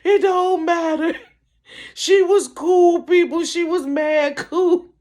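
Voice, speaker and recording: Stoned weepy man, slow tearful drawl, high voice as a woman quotes him. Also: fairly even intonation. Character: stoned man weeping, sentimental.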